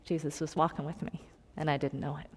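A woman preaching a personal story in a sermon, earnest and confiding, moving between loud emphasis and hushed tones. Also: low voice, flat delivery, fast talker, slightly rough. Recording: long hall reverb.

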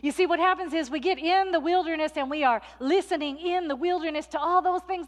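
A woman preaching a sermon, dramatically acting out inner thoughts and a tempting voice, swinging between loud declarations and hushed near-whispers. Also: very high-pitched, fairly quick, hardly any pauses. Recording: long hall reverb.

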